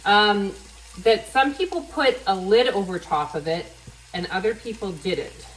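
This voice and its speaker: A woman chatting casually while cooking in her home kitchen, thinking out loud and poking fun at herself, with a pan sizzling behind her. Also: mid-range voice, unhurried, reverberant. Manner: chatty, self-deprecating, thinks aloud. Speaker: vegan cooking vlogger. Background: frying and sizzling from the pan.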